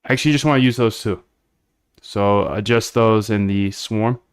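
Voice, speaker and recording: A man's voice: on the low side, moderate pace, clear, resonant tone, no room sound, clean studio sound. A man hosting a casual livestream, coding aloud and bluntly reacting to chat. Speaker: livestream host.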